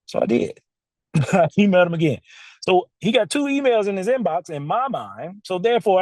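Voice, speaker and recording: Brief: animated male podcast host, chatty and laughing, in a dry studio. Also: high voice, moderate pace, dry recording. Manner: animated, laughs often, talks straight to listeners. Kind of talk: casual storytelling monologue.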